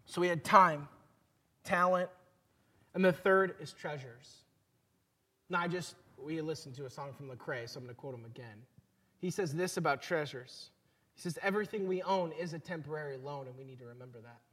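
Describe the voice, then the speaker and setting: A pastor delivers a conversational sermon, telling stories and pausing to let points land. His voice sits noticeably high for a man. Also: a bit bright. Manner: storytelling, conversational, pauses for emphasis.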